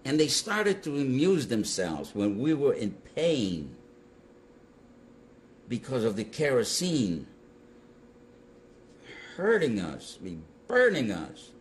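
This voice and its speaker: An older man, a Holocaust survivor, recounting his memories to an interviewer in emphatic, animated storytelling. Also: medium pitch, slow pace, long pauses, slight background noise. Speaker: Holocaust survivor giving testimony.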